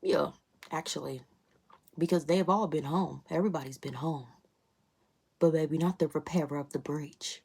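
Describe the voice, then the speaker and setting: A woman's voice: low-pitched, steady tone, normal speed, gravelly, long pauses, dark tone, breathy edge. A woman vlogging to her phone camera, speaking earnest faith declarations and then chatting candidly with her viewers, repeating phrases for emphasis and calling them y'all. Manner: casual, addresses viewers as y'all. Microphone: phone camera, selfie-style.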